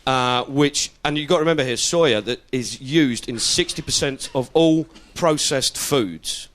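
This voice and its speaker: Brief: a male comedian, cheeky and animated, with a bouncy, higher-pitched voice. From South London. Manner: cheeky, animated, swearing, mimicking people. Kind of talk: stand-up comedy.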